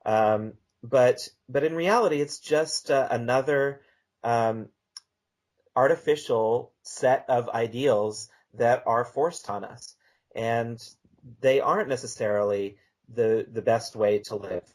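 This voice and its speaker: A man speaking as a guest in a podcast interview, talking in a measured way with many fillers. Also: medium pitch. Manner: measured, reads a text aloud slowly.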